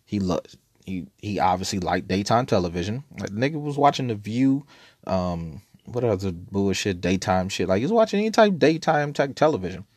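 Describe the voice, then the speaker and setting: A man with a deep, low voice tells a story in a loose, laid-back way, swearing freely and rambling between asides. The sound is dry and close, with no room around it. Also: expressive, fairly quick, darkish tone, breathy edge, no echo. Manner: laid-back, profane, rambling with frequent laughs. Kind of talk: casual storytelling monologue.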